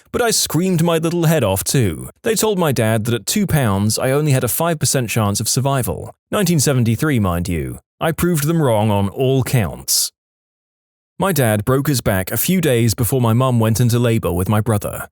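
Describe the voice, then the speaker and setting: A man reads out short funny stories as a scripted narration, with an animated, swinging delivery. The recording is dry and close, with no room sound. He drops briefly into comic voices for quoted lines. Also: medium pitch, no room sound.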